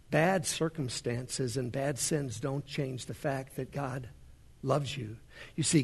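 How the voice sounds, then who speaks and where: A male pastor preaching a sermon in a large worship center, swinging between hushed storytelling and rising fervor. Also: mid-range voice, breathy edge.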